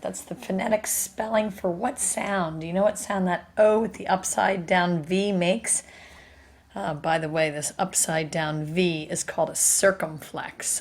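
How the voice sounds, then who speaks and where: A woman's voice: fairly low pitch, fairly even intonation, a little slow. A woman teaching a recorded spelling lesson, explaining each step patiently and asking her students questions.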